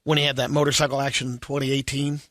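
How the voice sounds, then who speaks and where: A man hosting a podcast, briskly recapping entertainment news stories in a casual way. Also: mid-range voice, little pitch movement, fairly bright tone, no echo, studio quality.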